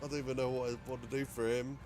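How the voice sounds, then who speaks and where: A man's voice: mid-range voice, level tone, racing, a little mellow, faint music behind. A man streaming a game, chatting casually and thinking aloud, his voice sounding strained. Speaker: gaming streamer.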